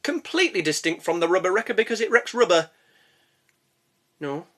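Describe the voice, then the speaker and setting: A man's voice: high-pitched, very animated, a little fast. Giggly man with wild outbursts. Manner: giggly, swearing, sudden loud silly outbursts. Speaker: comedy reviewer. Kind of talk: comedy outtakes.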